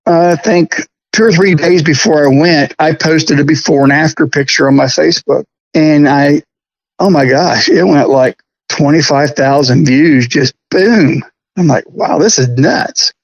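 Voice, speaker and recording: A middle-aged man telling stories about restoring a prop in a casual interview, folksy and quick to laugh. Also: a little high, no room sound, highs cut off. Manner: chatty, folksy, laughs often.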